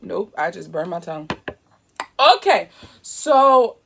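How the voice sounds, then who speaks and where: Chatty lady reviewing christmas movies, bit of gravel in her voice. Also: on the low side, slow pace, slight background noise. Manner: animated, chatty, laughs often. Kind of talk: casual chat review.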